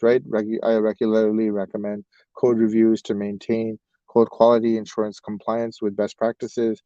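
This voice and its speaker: A man's voice: lowish voice, dark tone, no echo. A man teaching a technical webinar in a casual, rambling way, with many fillers and restarts. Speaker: webinar instructor. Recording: dull lo-fi webinar audio.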